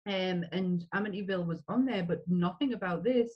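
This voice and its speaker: A woman's voice: on the low side, brisk, breathy edge. Brief: woman, podcast co-host, chatty, restarts a lot, dull lo-fi sound. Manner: chatty, many restarts and fillers. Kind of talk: casual film chat.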